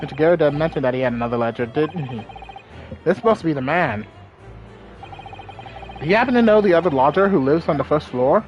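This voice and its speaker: A woman voicing an earnest, puzzled young law student in a game let's play, speaking low, quiet and bemused. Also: animated, a little fast, long pauses, dull audio, soft background music.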